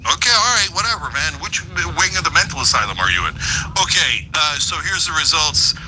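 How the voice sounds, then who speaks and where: A man's voice: fairly high pitch, sing-song, a little fast, pushed and bright, slight background noise, low-quality recording. A man hosting a show with heated, ranting political commentary. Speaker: host.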